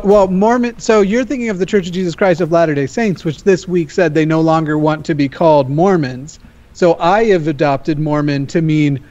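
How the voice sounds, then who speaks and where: A man's voice: fairly high pitch, darkish tone. A man hosting casual group call banter, teasing and joking with the others. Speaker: host. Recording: dull lo-fi online call audio.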